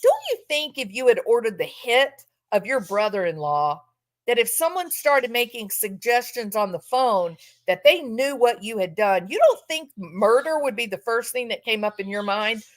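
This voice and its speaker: A woman's voice: a little high, big pitch swings, moderate pace. A woman giving a casual true-crime commentary in a sarcastic, incredulous, emphatic manner.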